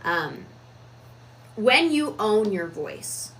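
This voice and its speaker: A woman giving a reflective, casual talk on personal growth, deliberate with frequent fillers. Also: medium pitch, very animated, a bit bright, slight background noise, rough recording. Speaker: self-improvement vlogger.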